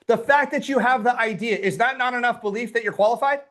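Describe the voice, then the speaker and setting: Talking fast in a very high, a bit bright voice, a man coaches a live online business workshop. He's pushy and fired-up, dropping casual swears while spurring participants on.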